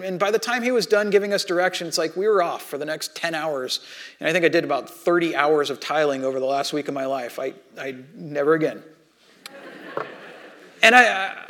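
A man with a high-pitched voice delivers a sermon as a pastor. He tells it like a casual personal story, laughing at himself, and his volume rises and drops as he goes. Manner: conversational, self-deprecating storytelling with lively swings in loudness.

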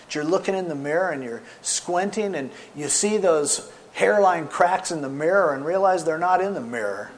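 Animated preaching man, slightly high voice. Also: normal speed, few pauses. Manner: animated storytelling, swings from loud emphasis to soft asides. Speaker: pastor. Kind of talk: sermon.

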